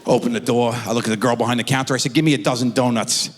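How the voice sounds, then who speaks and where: A middle-aged man telling a stand-up comedy story on stage, acting out his kids in high squeaky voices. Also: fairly even intonation, very fast. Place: theater stage before a live audience. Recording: stage mic in a large reverberant hall.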